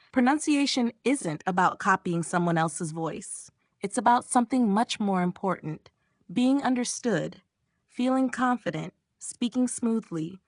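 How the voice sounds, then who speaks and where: A woman gives a scripted pronunciation lesson, pacing her points out as short, emphatic phrases. Her voice sits at a middling pitch and sounds close and dry, with no room around it. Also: no room sound. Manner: measured, emphatic delivery in short listed phrases. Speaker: English pronunciation teacher. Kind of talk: scripted instructional narration.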